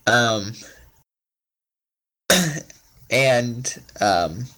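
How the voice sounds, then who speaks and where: A man co-hosting a casual anime podcast, talking haltingly while he improvises a fight scenario. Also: mid-range voice, pushed and bright, low-quality recording. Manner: halting, full of fillers and restarts. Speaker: podcast co-host.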